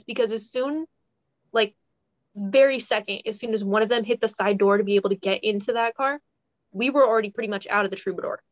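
A woman co-hosting a podcast, telling a story in a rambling, animated casual way and laughing as she goes. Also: mid-range voice, a little fast, no echo, lo-fi sound. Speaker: podcast co-host.

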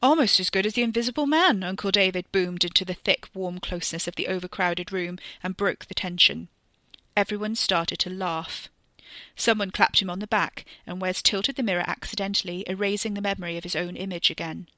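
Woman narrator, serial fiction, lowish bright voice, dry close sound. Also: brisk, dry recording. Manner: expressive, tense storytelling. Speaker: reader. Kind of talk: scripted narration of a serial story.

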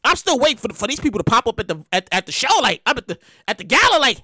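A man hosting his podcast, ranting in comedic commentary, animated, repetitive and profane. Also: extremely high pitch, rapid-fire, hardly any pauses, no echo. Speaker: podcast host and author. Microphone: podcast mic.

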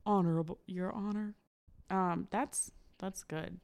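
A young woman hosts her podcast in loose, playful chat with a friend, joking and laughing often and teasing herself. Her voice sits low and has a gravelly, fried edge. She keeps it easygoing and quick to tease. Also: fairly even intonation, darkish tone. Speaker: podcast host. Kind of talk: casual chat.

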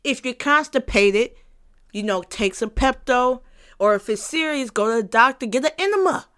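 A woman's voice: a little high, animated, moderate pace, fairly bright tone, clean tone. A woman hosting a casual solo podcast monologue, emphatic and repetitive, swearing freely and laughing often. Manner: emphatic and repetitive, with frequent profanity; playful, breaks into laughter. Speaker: podcast host.

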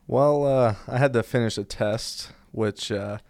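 A young man co-hosting a casual podcast, relaxed and a bit hesitant, with fillers. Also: mid-range voice, unhurried, gravelly, dry recording. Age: young adult. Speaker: podcast co-host. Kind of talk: casual chat.

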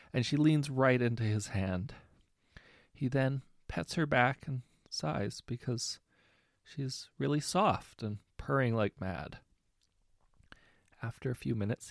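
Male storyteller with a raspy, fry-edged voice, easygoing delivery, dry booth-like recording. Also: medium pitch, no room sound. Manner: relaxed, conversational storytelling with self-corrections. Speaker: story narrator. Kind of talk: reading short anecdotes aloud.

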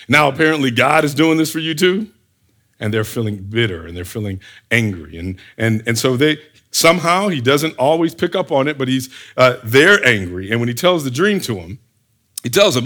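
A man preaching a sermon, firing rhetorical questions and acting out the scenes he describes. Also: medium pitch. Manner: animated, fires rhetorical questions, acts out scenes.

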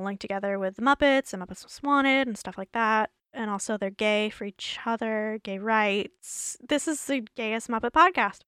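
A woman's voice: a little high, fairly bright tone, clean tone, dry recording. Female podcast host, giggly rambling chat, tired worn-out voice, dry close-miked sound. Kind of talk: casual solo podcast chat.

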